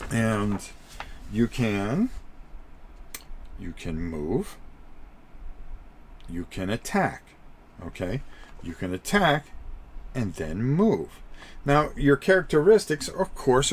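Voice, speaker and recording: A middle-aged man talking through tabletop game rules on a live stream, rambling and chatty. His voice jumps up and down a lot as he explains, and he often stumbles and repeats himself. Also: medium pitch.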